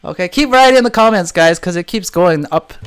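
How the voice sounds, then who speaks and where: A man's voice: high voice, brisk, smooth. A man hosting a casual livestream, reading comments and joking, laughing often as he talks. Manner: animated, laughs often, jokey. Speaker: livestream host and swim teacher.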